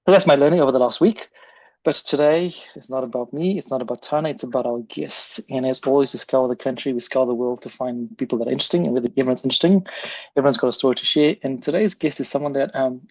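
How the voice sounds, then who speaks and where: A man's voice: mid-range voice, fast, darkish tone, no room sound, highs cut off. A man hosting a podcast, chatty and rambling with frequent restarts. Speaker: podcast host. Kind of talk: casual podcast interview.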